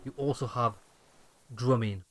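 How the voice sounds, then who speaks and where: A man's voice: mid-range voice, moderate pace, a little hiss or hum, lightly acted. Brief: blunt, questioning male cop, read by a man in his natural mid-range voice. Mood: probing. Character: probing male police detective, middle-aged.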